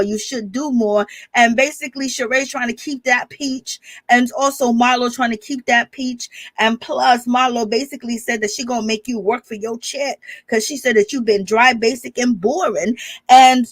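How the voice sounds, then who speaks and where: A woman's voice: a little high, normal speed, dry recording. A woman giving a casual, chatty recap of a reality TV episode and often laughing. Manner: chatty, animated, laughs often, uses "baby". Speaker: reality TV commentator.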